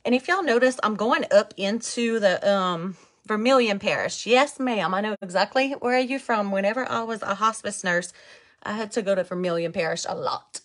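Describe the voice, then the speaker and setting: Woman, thick Cajun accent, friendly live makeup vlogger, mid pitch. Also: moderate pace, a bit bright. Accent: Cajun Louisiana. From Louisiana. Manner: chatty, talks to viewers, reads out comments. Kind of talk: chatty live makeup tutorial.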